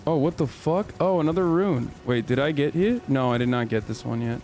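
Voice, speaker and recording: A man's voice: mid-range voice, lively intonation, brisk, a little mellow, faint music behind. A man in his thirties casually commenting on a game he plays, swearing and talking back to his chat. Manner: laid-back, profane, talks to chat. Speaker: streamer.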